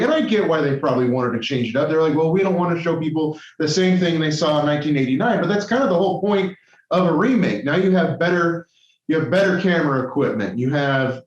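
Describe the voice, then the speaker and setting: Man, podcast co-host, casual rambling chat, many restarts, tired, slightly high voice, roomy lo-fi sound. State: tired and caffeinated.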